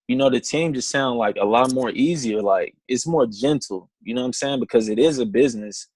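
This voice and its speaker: A young man on a video call, telling his story in a casual, animated way and acting out both sides of phone calls. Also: medium pitch, normal speed, dry recording, low-quality recording. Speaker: distributor sharing his story on a team call.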